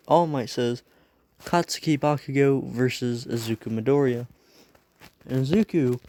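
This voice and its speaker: A man's voice: medium pitch, darkish tone. A man casually narrating a fan-made story, rambling and offhand with lots of fillers.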